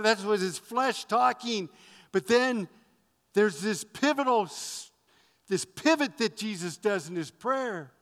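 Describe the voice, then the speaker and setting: A man's voice: high-pitched, a little slow, a bit bright, in a large hall. A man preaching a sermon as pastor, driving his points home with emphatic repetition.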